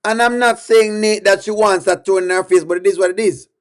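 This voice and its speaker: A man hosts a casual reaction commentary, his voice sitting notably high for a man. He talks emphatically, circles back to the same points again and again, and breaks into laughter often. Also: steady tone, a little fast. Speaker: reaction video host.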